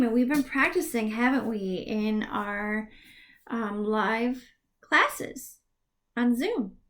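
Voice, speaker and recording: A woman teaching a video lesson to young children, clapping out words in a slow, exaggerated, sing-song way. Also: high-pitched, a bit bright. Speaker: preschool teacher.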